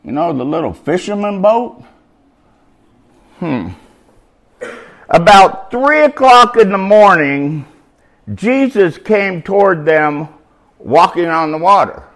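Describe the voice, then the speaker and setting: A man's voice: high-pitched, expressive, slow pace, pauses often, fairly bright tone. A middle-aged man preaching an informal, slangy sermon at a recovery meeting, shifting from easy talk to emphatic bursts.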